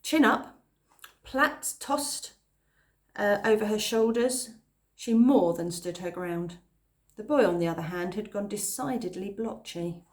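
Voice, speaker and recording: A woman reading a children's novel aloud at a calm pace, pausing now and then to explain a phrase. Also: medium pitch. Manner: calm, pauses to explain words. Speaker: reader.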